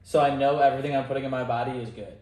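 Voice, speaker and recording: Young man, mid-pitch, relaxed rambling co-host talk in an echoey home room. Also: very fast. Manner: rambling, laid-back, self-deprecating. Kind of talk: casual chat. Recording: roomy echo.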